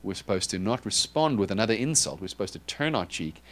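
A man preaching a sermon in a conversational, animated way, with asides to the congregation and frequent restarts. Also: on the low side, fast.

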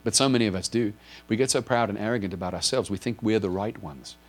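A fast-talking man with a voice on the low side preaches to a congregation as pastor. His manner is earnest: he works through explanations with a drawn board and asks listeners direct questions about whether they follow.

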